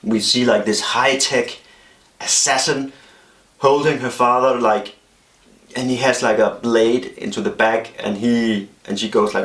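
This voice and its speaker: A man talking casually as he pitches a movie idea, rambling along with many fillers and restarts. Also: steady tone, takes it slowly, long pauses, roomy sound.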